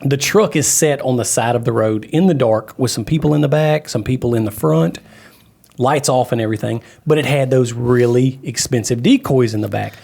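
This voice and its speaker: Husky-voiced co-host adding story details. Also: male voice, medium pitch, moderate pace, darkish tone. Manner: chiming in with details. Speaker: podcast co-host. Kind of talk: casual storytelling.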